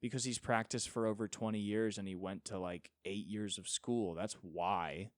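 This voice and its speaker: A man's voice: fairly low pitch, steady tone, normal speed, no echo, clean studio sound. A young man hosting a solo podcast, ranting with sarcasm and profanity and mocking others in put-on voices. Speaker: podcast host.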